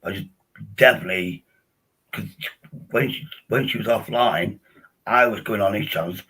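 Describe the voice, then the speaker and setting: A man hosts a casual livestream. His voice is low and husky, with a bright, forceful edge. He rambles, restarts often and tells crude jokes. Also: moderate pace, low-quality recording. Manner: rambling, restarts a lot, bawdy humour. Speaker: livestream host.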